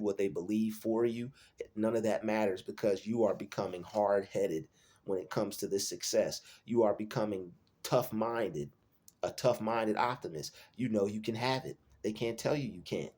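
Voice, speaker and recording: Male host, lowish voice, earnest solo motivational talk that repeats points to drive them home. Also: a little mellow. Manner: earnest, repetitive, restates lines for emphasis.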